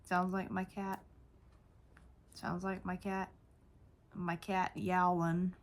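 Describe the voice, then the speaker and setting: A woman's voice: lowish voice, level tone, slow. A woman vlogger showing off her toys in a casual, gushing way, often repeating herself. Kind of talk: casual toy show-and-tell.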